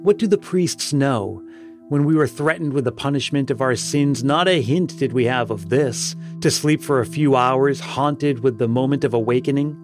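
A man's voice: medium pitch, moderate pace, over music, close to an everyday voice. A man voicing a lamenting ghost in purgatory. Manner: lamenting, bitter.

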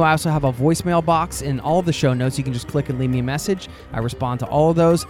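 A man's voice: fairly high pitch, quick pace, few pauses, darkish tone, soft background music. A man hosting a travel podcast, enthusiastic and chatty. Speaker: podcast host.

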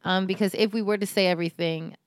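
A woman co-hosting a podcast, chatting casually and animatedly, laughing and thinking out loud. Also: mid-range voice, quick pace, slight background noise. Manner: animated, laughs often, muses aloud. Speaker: podcast co-host. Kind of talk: casual chat.

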